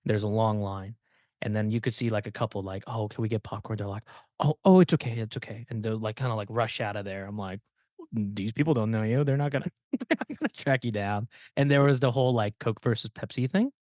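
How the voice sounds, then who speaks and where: A man hosting a podcast, telling stories in a casual, animated way and acting out the people he quotes. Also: on the low side, quick pace, no room sound, studio quality. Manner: animated storyteller, acts out quoted dialogue. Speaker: podcast host.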